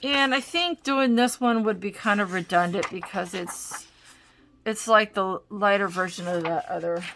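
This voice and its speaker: A woman with a mid-range voice, a little slow and a bit bright, hosts a casual art supplies demo at her home craft desk, with slight background noise. She's chatty and rambling, interrupting herself as she tries out crayons.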